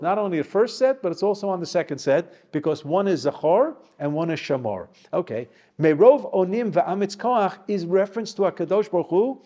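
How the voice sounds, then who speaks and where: A man teaching a Torah class as a rabbi, talking off the cuff with many Hebrew quotes and pauses, slowing down to stress key words. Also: high voice, animated, dark tone. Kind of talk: Torah lecture.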